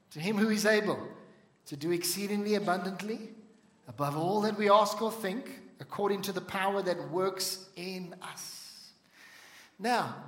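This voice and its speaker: A man preaching a sermon as pastor, animated, acting out little scenes and calling for amens. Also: sits high, roomy sound. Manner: animated preaching with voiced asides and congregation call-outs. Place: church.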